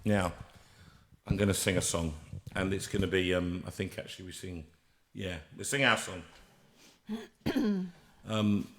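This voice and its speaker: A man hosting a live stream, telling a comic story with animated, acted-out voices. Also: deep voice, measured pace, long pauses, a little hiss or hum. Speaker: host and singer.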